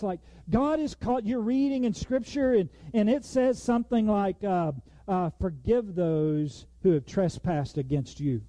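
A man's voice: sits high, moderate pace, no room sound. A man preaching a sermon in a conversational way, now and then acting out the people in the text. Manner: conversational, animated, acts out quoted lines.

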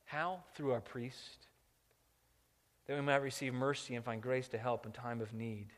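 A man preaching a sermon as pastor, moving between quiet reflective passages and loud impassioned ones. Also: mid-range voice, fairly even intonation, measured pace, long reverb tail.

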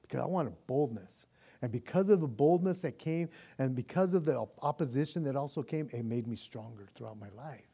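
A man's voice: medium pitch, animated, a little fast, vocal fry, dark tone, husky. A man preaching a sermon as pastor in a casual, slangy way that builds to impassioned intensity.

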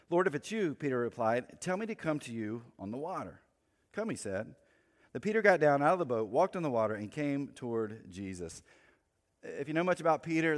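A man preaching a sermon in a conversational way, with quick asides and light humor. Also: on the high side. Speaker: pastor. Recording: long hall reverb.

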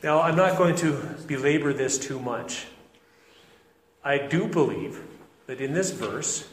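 A man preaching an expository sermon in an earnest, deliberate way, often restarting his phrases. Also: a little high. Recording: echoey hall with faint ambience.

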